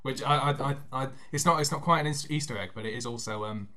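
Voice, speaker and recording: A man's voice: mid-range voice, quick pace, sharp tone. A man from the south of England, co-hosting a casual podcast chat, hesitant with many restarts. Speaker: podcast co-host.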